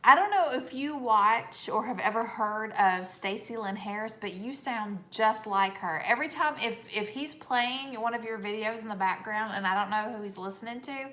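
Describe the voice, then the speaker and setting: A woman with a Southern lilt chats easily through a homestead live stream, reading comments out and laughing along. Her voice is bright and clear. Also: fairly high pitch, moderate pace, few pauses. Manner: reads viewer comments aloud, laughs often. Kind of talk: casual live-stream chat.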